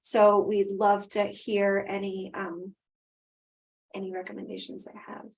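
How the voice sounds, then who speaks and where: A woman's voice: mid-range voice, flat delivery, a little slow, darkish tone. A woman presenting a live webinar over a video call, answering questions and wrapping up in a conversational way with frequent ums.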